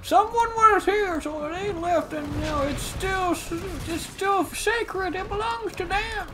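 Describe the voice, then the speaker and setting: A gamer voicing a stubborn, mocking personified video game in a shrill, drawn-out sing-song, heard from a distance. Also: noisy background.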